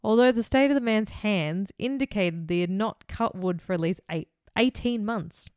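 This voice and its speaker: A woman's voice: mid-range voice, normal speed, a little mellow, smooth, no room sound. Australian woman podcast host, reads case details in a plain, dry close recording. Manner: reads case notes, breaks into laughter. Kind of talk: casual true crime podcast chat.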